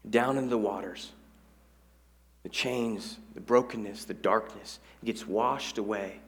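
A man's voice: on the low side, steady tone, slow, fairly bright tone. A male pastor preaching in church, in a conversational way with joking asides, repeated key phrases and questions to the congregation. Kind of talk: sermon.

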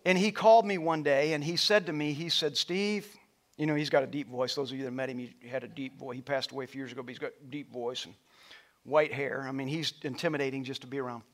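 A middle-aged male pastor preaching a sermon in a church, rising to loud passionate peaks and dropping to a soft storytelling voice. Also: medium pitch, steady tone, fast. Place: church auditorium with stage lights.

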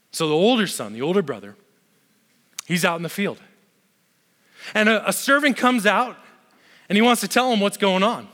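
A man's voice: sits high, a bit bright. A man, a pastor, preaching a sermon with emphatic repetition and joking conversational asides. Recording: long hall reverb.

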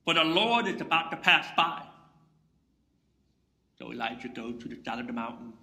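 Preacher man, loud then hushed, echoey. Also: medium pitch, lively intonation, normal speed. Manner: swings from loud proclamation to hushed near-whisper. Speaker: pastor. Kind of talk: sermon.

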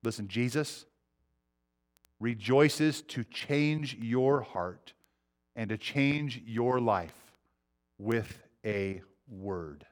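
A middle-aged man preaching a sermon, earnest, swinging between loud urgency and quiet intensity. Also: mid-range voice, very slow. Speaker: pastor.

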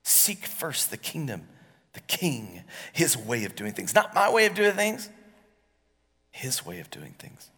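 A pastor in his forties preaching a sermon, swinging between loud, animated passages and hushed, quiet lines. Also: mid-range voice, measured pace, husky. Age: 40s. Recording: long hall reverb.

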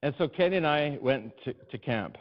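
A man's voice: medium pitch, animated, moderate pace. Man preaching a story-driven sermon, lo-fi. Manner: emphatic, building to loud repeated refrains. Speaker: pastor. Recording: dull lo-fi recording.

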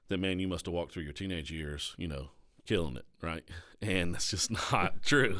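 A deep-voiced man with a Southern American accent, speaking as a pastor on a podcast. He talks in an earnest, confessional way, casual and conversational, and keeps tagging his points with a quick question to his listener. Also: fairly bright tone.

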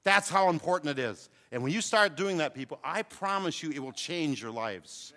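A man's voice: a little high, expressive, normal speed, pushed and bright. An older man preaching a sermon to a congregation, calling out to them with rising fervor. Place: church hall with congregation. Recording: long hall reverb.

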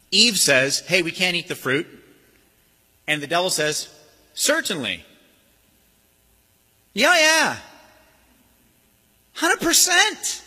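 A man delivering a sermon with a lively, swooping delivery and a slightly husky tone. His voice is bright and fairly high for a man. It rings out with a long reverb through a church hall. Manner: animated, acts out sneering voices. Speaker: pastor. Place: church sanctuary.

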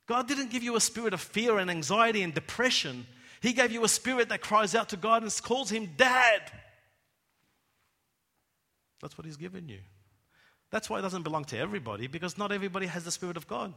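A man preaching a sermon, dropping to hushed tones and rising to loud emphatic cries. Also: high voice, lively intonation, normal speed. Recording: long hall reverb.

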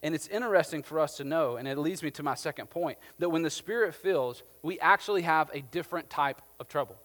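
A pastor preaches a sermon in a conversational way, telling animated stories peppered with "like." His voice is on the high side and a little fast, with a long reverb tail.

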